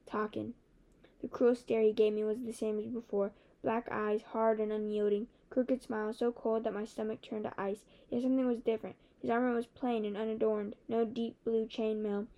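A woman narrating a fantasy novel in the first person, with steady, even storytelling. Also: on the high side, moderate pace, highs cut off. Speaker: audiobook narrator.

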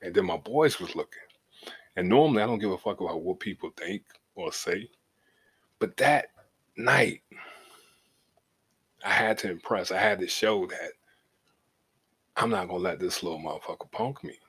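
A middle-aged man with a low, husky voice tells a story from his own life on his podcast. He talks loose and profane and keeps checking in with the listener. His telling swings from laid back to heated. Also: animated, normal speed, long pauses, a bit bright. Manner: loose and profane, leaning on "you know what I'm saying". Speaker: podcast host. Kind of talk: casual storytelling.

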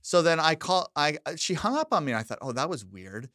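A middle-aged podcast co-host tells a story in casual chat, animatedly acting out the back-and-forth of what was said. His voice is a little high and a little fast, with a dry, clean studio recording.

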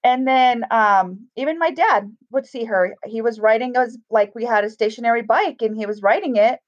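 Woman, middle-aged, storytelling, animated, higher pitch, lo-fi. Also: normal speed. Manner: animated, acts out quoted voices. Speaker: guest telling a ghost story. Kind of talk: casual storytelling. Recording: dull, lo-fi sound.

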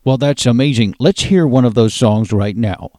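A man's voice: mid-range voice, moderate pace, darkish tone, no room sound, studio quality. A man hosting a comedic interview, gushing enthusiastically over his guest. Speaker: host.

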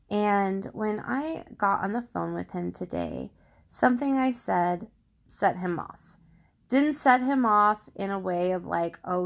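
A middle-aged woman speaks into a studio microphone on her faith podcast. Her voice carries a gravelly texture, and she takes her time, working through a personal story in a reflective way and circling back on her own words. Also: mid-range voice. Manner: candid, reflective storytelling with frequent restarts. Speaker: podcast host.

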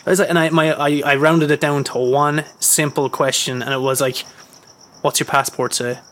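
A man's voice: a little high, moderate pace. Swearing man hosting a podcast. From Ireland. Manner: swearing, animated storytelling with put-on quotes. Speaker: podcast host. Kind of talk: casual chat.

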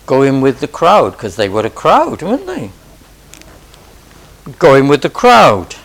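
A man's voice: medium pitch, wildly swooping pitch, slow pace, a bit bright. A man preaching a sermon in an impassioned way, pressing his listeners with repeated urgent pleas and rhetorical questions.

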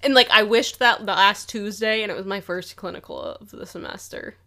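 A woman's voice: medium pitch, brisk, pushed and bright. A young woman, a student, chatting casually with her boyfriend, giggly and full of "like". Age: young adult. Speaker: vlogger, co-host with partner. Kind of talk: casual couple chat.

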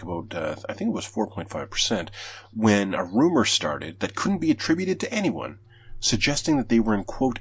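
Low husky opinionated podcast host. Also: male voice, huge pitch swings, moderate pace. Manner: blunt, swears freely, opinionated. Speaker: podcast host reading game news. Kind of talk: casual podcast chat.

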